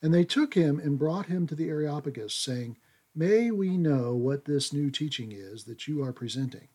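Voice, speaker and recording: A man co-hosting a radio program, reading scripture in a steady, measured way. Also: a little high. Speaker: co-host.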